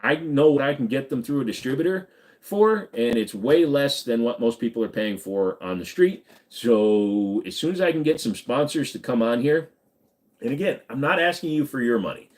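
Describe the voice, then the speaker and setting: A man's voice: mid-range voice, animated, normal speed. Guy live streaming, rambling and joking and cursing, voice bouncing all over the place. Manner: rambling, joking and profane, reading out chat. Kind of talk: casual live stream chat with viewers.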